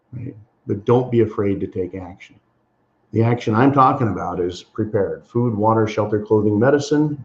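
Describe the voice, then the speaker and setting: A man's voice: fairly low pitch, a little mellow. An indignant American man hosting a political commentary monologue, talking emphatically and calling his listeners folks. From USA. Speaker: channel host. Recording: slightly dull lo-fi sound.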